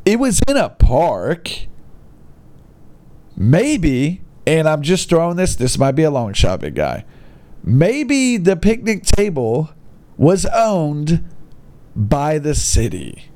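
A man doing sarcastic comedic commentary, pitch swinging widely as he mocks what he reads. He talks slowly, in an exasperated and incredulous tone. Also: very animated, a little mellow. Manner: exasperated, mocking, mild bleeped-style cursing. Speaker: comedic commentator reading online posts.

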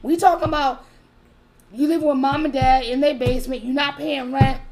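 A woman co-hosting a podcast in casual chat, an animated, profane storyteller. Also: high-pitched, moderate pace, loud music behind the voice. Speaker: podcast co-host.

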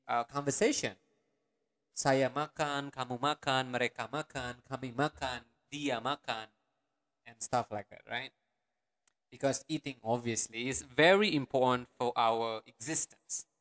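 A man teaching an online language lesson, patiently repeating words slowly and syllable by syllable. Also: on the high side, fairly bright tone.

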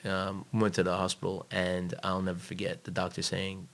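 Blunt, foul-mouthed low-voiced man. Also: completely flat delivery, normal speed, vocal fry. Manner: blunt, heavily profane, emphatic. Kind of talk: casual storytelling chat.

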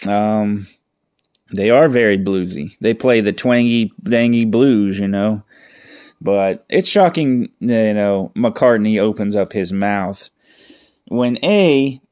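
A man's voice: lowish voice, darkish tone, dry recording, clean studio sound. A man hosting a casual solo podcast, rambling and folksy, telling sports gossip and jokes. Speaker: podcast host.

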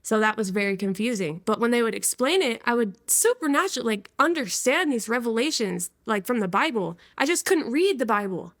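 Lively young woman telling her testimony. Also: fairly high pitch, brisk, hardly any pauses, no room sound, clean studio sound. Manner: lively, laughs often, slangy. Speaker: interview guest. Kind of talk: casual testimony storytelling.

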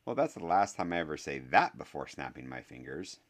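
An earnest boy of about eleven, intense and a little awkward, stumbling through words with halting ums, as a man reads him aloud in a storybook. The voice sits fairly low, only lightly lifted for the boy. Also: big pitch swings, fairly bright tone, exaggerated voice. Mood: wry. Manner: hesitant apology, faltering with ums.

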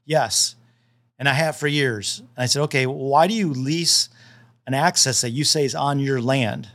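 A man's voice: mid-range voice, moderate pace. A man casually telling stories in a podcast interview, acting out the dialogue with frequent restarts. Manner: animated, acts out dialogue in the stories; repeats and restarts often. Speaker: land specialist.

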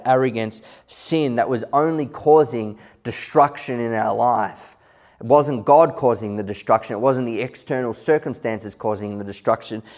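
A man preaching a sermon in an earnest, conversational way, slowing down to stress key words. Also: fairly low pitch. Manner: loose and conversational, with small asides.

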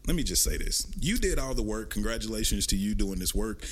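A man's voice: on the low side, big pitch swings, brisk, slight background noise. Brash, profane man hosting a podcast. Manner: loud, profane, laughing banter. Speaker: podcast host. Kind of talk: casual chat.

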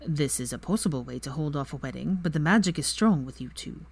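A woman voicing a cold, haughty older wizard father in a fan story reading, with slow, measured lines. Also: low-pitched, lively intonation, vocal fry, breathy edge, no room sound, heavily acted.

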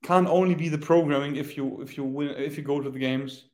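A man from Germany, a native German speaker, chatting casually as a podcast guest in halting English, often stopping to search for words. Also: fairly high pitch, fairly even intonation. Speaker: guest athlete. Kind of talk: casual chat.

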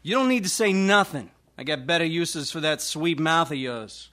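A performer voicing Ricky, a cocky young greaser with a smooth, drawling manner. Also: female voice, deep voice, lively intonation, normal speed, a bit bright.

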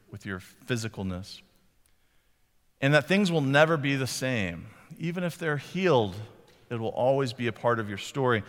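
A man's voice: medium pitch, fairly bright tone. Man preaching in a reverberant hall. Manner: conversational, reflective, with filler words. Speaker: pastor. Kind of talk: sermon.

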